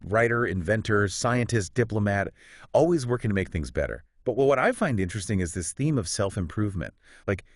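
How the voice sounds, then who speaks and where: A man with a low voice hosts a podcast in an easy, conversational way. He keeps things upbeat, tossing out quick, clipped phrases. The sound is dry and close, with no room around it. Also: expressive, dry recording. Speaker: podcast host. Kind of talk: casual podcast chat.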